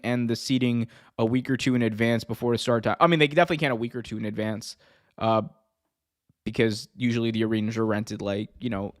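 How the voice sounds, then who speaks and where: A man hosting a casual wrestling news podcast, rambling, joking and correcting himself as he goes. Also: mid-range voice. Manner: rambling, self-correcting, jokey. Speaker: podcast host.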